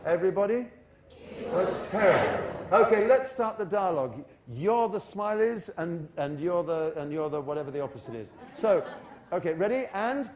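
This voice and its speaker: High-voiced British man leading a workshop. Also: noisy background. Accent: British English. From United Kingdom. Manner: energetic, coaxes the audience into choral repetition. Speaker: English teaching expert giving a workshop. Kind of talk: live teacher-training talk with class demonstration. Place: university lecture hall before an audience.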